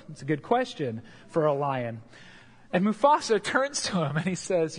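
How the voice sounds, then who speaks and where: Male pastor, sermon, earnest expressive delivery, high voice, long hall reverb. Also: fairly quick. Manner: earnest, expressive preaching with repeated words.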